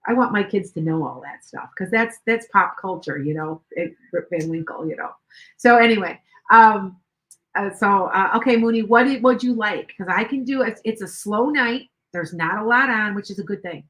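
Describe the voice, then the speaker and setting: A woman's voice: mid-range voice, normal speed, a bit bright, poor audio. An older woman hosting a tarot livestream, chatting casually in a rambling way with many restarts. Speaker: tarot reader livestream host.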